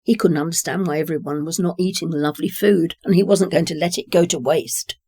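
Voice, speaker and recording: A narrator reading a short story aloud in a calm, measured way. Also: mid-range voice, husky, no echo, clean studio sound.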